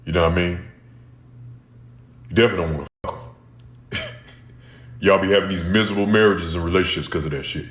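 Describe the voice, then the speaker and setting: Deep-voiced man ranting bluntly in an echoey room. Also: steady tone, fast talker, long pauses. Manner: blunt, profane, slangy. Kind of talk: casual social media rant.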